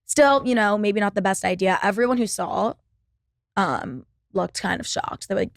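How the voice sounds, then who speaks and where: A young woman talks through a casual solo podcast, drifting from story to story with endless "like"s and plenty of swearing. Her voice sits at an ordinary middle pitch, recorded close and dry with no room sound. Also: moderate pace, creaky, no room sound. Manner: rambling, profane, lots of "like" fillers. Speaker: podcast host. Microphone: laptop setup.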